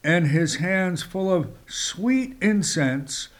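Man preaching slow, leans hard on words, higher voice, reads bible verses out loud. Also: expressive. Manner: slow, emphatic delivery with sudden rises in pitch; reads scripture in old-fashioned wording. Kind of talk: sermon with scripture reading.

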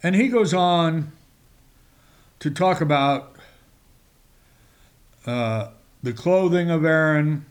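Male preacher, slow and emphatic, fairly high voice, reads scripture between remarks. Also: lively intonation. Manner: slow, emphatic delivery with sudden rises in pitch; reads scripture in old-fashioned wording. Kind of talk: sermon with scripture reading.

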